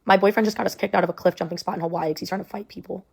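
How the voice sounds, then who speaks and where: A woman's voice: fairly low pitch, fairly even intonation, rapid-fire, gravelly, a little mellow, breathy edge. A young woman telling a personal story in a rambling way, full of "like" and "um". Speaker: storyteller in a clip.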